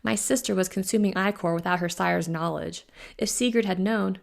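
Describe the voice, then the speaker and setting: A woman's voice: mid-range voice, moderate pace, vocal fry, lightly acted. A woman voicing a terse, determined young witch. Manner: terse, even, earnest.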